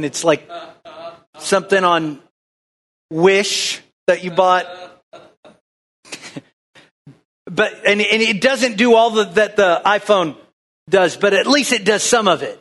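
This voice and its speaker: A man's voice: high voice, a bit bright. A man preaching a folksy, conversational sermon, drawing the congregation into call-and-response. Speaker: pastor.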